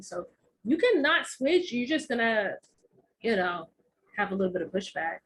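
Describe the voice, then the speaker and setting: A young adult woman from Texas co-hosting a podcast in casual chat, telling stories in an animated way and acting out quoted voices. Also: medium pitch, normal speed, long pauses, rough recording. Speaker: podcast co-host.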